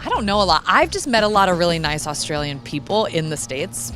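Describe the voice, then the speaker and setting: A woman answers questions in a street interview, hesitant and a bit giggly. Music plays clearly under her. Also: fairly low pitch, very animated, a little fast, a bit bright.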